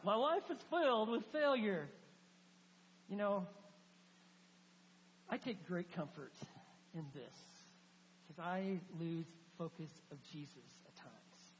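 A pastor giving a lively sermon to a congregation, acting out scripture and joking with the listeners. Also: mid-range voice, a little slow, pauses often. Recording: long hall reverb, faint hum.

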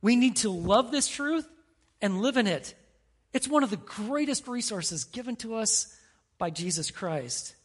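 A middle-aged man preaching a sermon as pastor, telling stories with animated quoted voices. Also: high-pitched, a little slow, breathy edge.

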